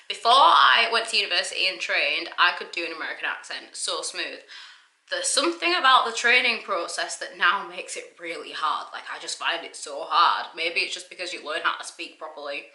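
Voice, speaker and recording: A young woman talking through a casual reaction vlog, chatty and animated, often breaking off mid-thought. Her voice is very bright and cutting, and it echoes around the room she records in. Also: mid-range voice. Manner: chatty, self-interrupting, animated. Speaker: YouTuber.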